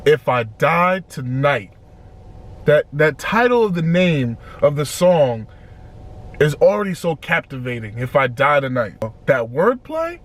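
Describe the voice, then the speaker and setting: A man's voice: a little high, unhurried. A man hosting a casual album reaction, reading out lyrics and talking through them with repeated words and restarts. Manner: animated, quotes lyrics, often repeats himself. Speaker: reaction channel host.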